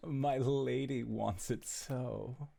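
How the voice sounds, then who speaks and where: A man's voice: medium pitch, fairly even intonation, very slow, creaky, dark tone, heavily acted. A man voicing a pompous, lovestruck male ship captain who speaks in a grand, archaic way. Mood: haughty.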